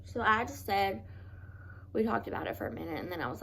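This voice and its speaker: A woman vlogger telling a personal story in an earnest, halting, confessional way, often restarting her sentences. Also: medium pitch, animated, fairly bright tone, a little hiss or hum.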